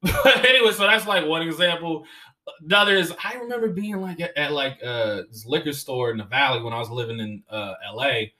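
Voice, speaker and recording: A comedian and podcast host telling stories in a casual, profane, animated way and laughing as he goes. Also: fairly high pitch, fairly quick. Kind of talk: casual storytelling chat.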